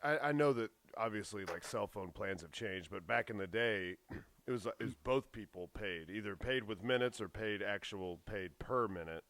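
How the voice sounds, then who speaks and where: Casting: man, podcast co-host, easygoing and low-pitched, dry close sound. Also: normal speed, a bit bright, no room sound. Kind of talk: casual chat.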